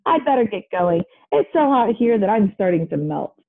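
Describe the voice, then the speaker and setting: A woman voicing a small, indignant male dwarf planet who shouts and boasts in a storybook. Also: mid-range voice, sing-song, moderate pace, slightly rough, narrow, tinny audio. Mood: delighted. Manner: shouting, exclaiming.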